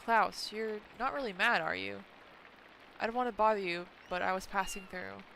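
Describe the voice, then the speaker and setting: A woman's voice: medium pitch, moderate pace, creaky, bright, forceful tone, a little hiss or hum, poor audio. A stuffy woman reading an apologetic male painter. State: stuffy nose.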